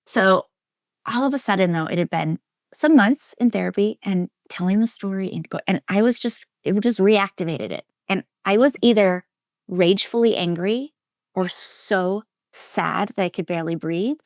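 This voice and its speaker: In an interview, a relationship coach from Minnesota shares her personal story as a guest, speaking earnestly and emphatically at medium pitch and a moderate pace. She restarts often, quotes her inner voices, and sinks to a soft near-whisper at heavy moments, in clean, dry studio sound.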